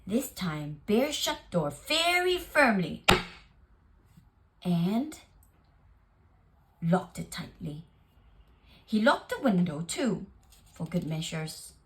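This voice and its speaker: A woman reading a children's picture book aloud, very expressive and lingering on phrases. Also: lowish voice, slow pace, long pauses. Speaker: storyteller.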